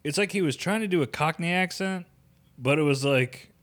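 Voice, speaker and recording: A man's voice: a little high, moderate pace, fairly bright tone. A man co-hosting a podcast, joking and cursing casually while discussing a movie. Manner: profane, loose, joking. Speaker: podcast co-host. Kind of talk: casual movie review banter.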